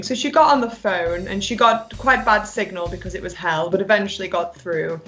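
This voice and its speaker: Woman, improvised comic storytelling, playful, mid-pitched, faint music behind. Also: normal speed, few pauses, fairly bright tone.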